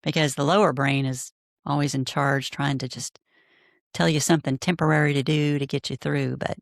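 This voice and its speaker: A woman's voice: deep voice, no echo, studio quality. A woman hosting a podcast, asking thoughtful, searching questions of her guest. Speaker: podcast host. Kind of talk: podcast interview.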